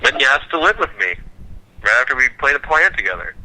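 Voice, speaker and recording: Bright-voiced young man telling stories. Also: medium pitch, fast, rough recording. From Nebraska. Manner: animated storytelling, acts out quotes, swears freely. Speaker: podcast co-host. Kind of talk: casual chat.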